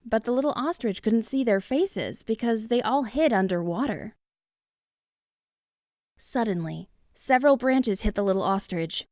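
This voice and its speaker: A woman's voice: a little high, a little slow, no room sound, clean studio sound. A woman narrating a children's picture book expressively. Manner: expressive, lively. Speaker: storybook narrator. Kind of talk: children's story reading.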